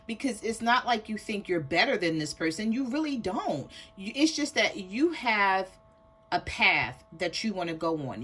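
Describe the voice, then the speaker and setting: A tarot reader gives her viewers a casual reading in a husky, medium-pitched voice with a fairly bright tone. She's chatty, laughs often, and acts out what people might say.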